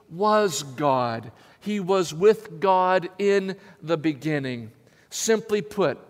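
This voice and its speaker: A male pastor preaching a sermon, calling the congregation to say scripture lines aloud with him. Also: sits high. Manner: calls the congregation to recite verses aloud. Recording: long hall reverb.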